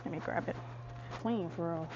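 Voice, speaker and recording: A woman's voice: fairly low pitch, moderate pace, dull audio, background noise. Chatty young woman vlogging, half-whispered. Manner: chatty, talks straight to viewers, often says "y'all" and "child"; half-whispering to keep her business private. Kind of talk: casual vlog chat to camera. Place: home, stairs and outdoors. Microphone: phone or camera held by hand.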